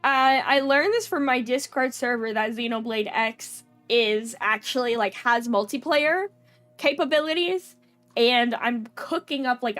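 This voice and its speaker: A woman's voice: on the high side, a bit bright. A young adult woman chatting casually on a live stream, rambling with lots of fillers and giggles. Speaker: VTuber streamer.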